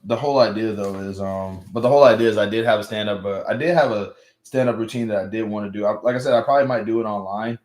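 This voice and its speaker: A man's voice: fairly low pitch, fast talker, few pauses, darkish tone, echoey room. A young man hosting a casual live stream from home, rambling with many restarts and fillers while feeling unwell. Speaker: livestream host.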